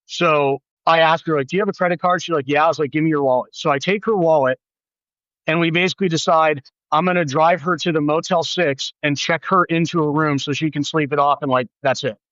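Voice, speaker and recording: A man in his thirties, a podcast guest telling a story in casual chat, animated and acting out quoted voices with big pitch jumps. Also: a little fast, no room sound, dull audio.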